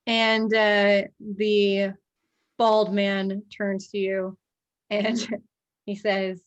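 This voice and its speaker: A woman narrating a tabletop game as game master, relaxed and chatty, with frequent ums. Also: medium pitch, very slow, lo-fi sound.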